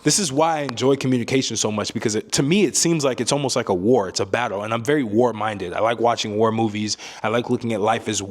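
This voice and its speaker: Man, communication coach, emphatic, repeats himself, motivational lesson, mid-pitched voice. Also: quick pace, few pauses. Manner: emphatic, repeats points, tag questions.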